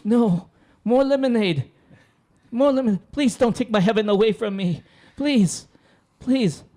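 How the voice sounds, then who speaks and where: In an improvised tabletop role-play, a man voices a blind man giddy with wonder over lemonade, pouring out melodramatic, rambling, pleading exclamations. His voice is slightly high and darkish, with lively intonation and a slightly slow pace.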